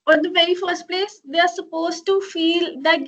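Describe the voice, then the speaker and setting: A woman with a high voice hosts a webinar over a video call. She asks her guests questions, hesitating often along the way. The call audio sounds slightly dull. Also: measured pace, fairly bright tone. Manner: questioning, with many fillers. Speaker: webinar host. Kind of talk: moderating a webinar.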